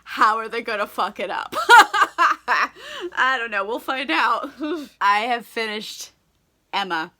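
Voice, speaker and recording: Slightly drunk on wine, this young woman recaps a novel in a relaxed, funny vlog, her voice on the high side, bright and forceful. She's very animated yet speaks slowly with long pauses, laughing, cursing and filling her talk with "like."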